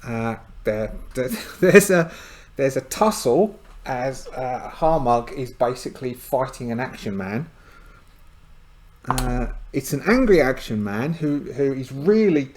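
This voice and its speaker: A man's voice: medium pitch, takes it slowly, darkish tone, slight background noise. A man narrating a solo tabletop game, rambling and hesitant with many fillers and side remarks.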